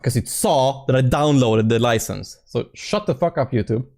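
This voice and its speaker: A young man chats casually on a live stream, rambling and animated with playful swearing. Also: mid-range voice, normal speed. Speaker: indie game developer streaming. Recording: faint music in background.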